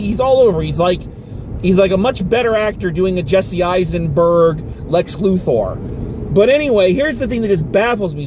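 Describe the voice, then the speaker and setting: Man, film reviewer, high voice, lively swoops of pitch, exasperated rant, inside a car, faint road hum behind. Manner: exasperated, animated ranting with swearing. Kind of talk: casual spoken movie review.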